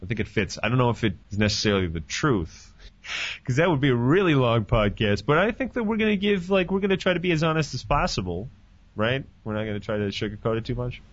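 A man hosting a podcast in casual chat, animated and profane, joking as he talks. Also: mid-range voice, quick pace, no room sound. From Canada. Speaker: podcast host. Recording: dull lo-fi dry sound.

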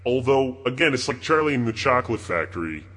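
A man playing a crude, contemptuous God in a comedy bit, talking in a profane, rambling, mocking way with a husky voice. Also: medium pitch, big pitch swings, fairly quick, fairly bright tone. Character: crude arrogant male God, bored and contemptuous.

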